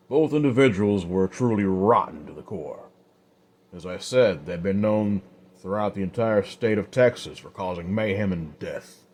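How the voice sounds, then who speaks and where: A man telling a Western tale in a low, easygoing voice. He narrates loosely, as if speaking off the cuff, with small fillers. It sounds like a spoken storytelling session. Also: a little mellow. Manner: casual, unscripted with fillers.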